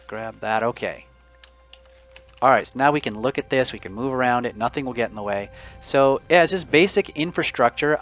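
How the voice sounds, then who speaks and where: A man of medium pitch walks through his game build in a relaxed, rambling way, stopping for fillers as he explains each piece. Faint music plays underneath his casual commentary. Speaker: gaming video creator.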